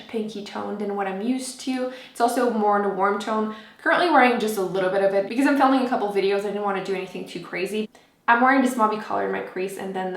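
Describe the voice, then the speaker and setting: A young woman gushes her way through a makeup review in a chatty, enthusiastic voice of medium pitch, full of fillers and asides. She talks casually to her viewers from a room at home, and her voice carries a noticeable roomy echo. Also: gravelly. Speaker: beauty vlogger.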